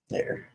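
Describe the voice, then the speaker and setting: In a warm voice on a lo-fi recording, a livestream host chats casually with his viewers. He meanders in a folksy manner, frequently trailing off and restarting.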